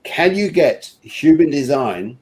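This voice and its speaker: A man's voice: on the high side, big pitch swings, takes it slowly, a little mellow. A man co-hosting an online interview, talking in a rambling, chatty way and laughing easily. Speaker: co-host. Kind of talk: casual interview chat.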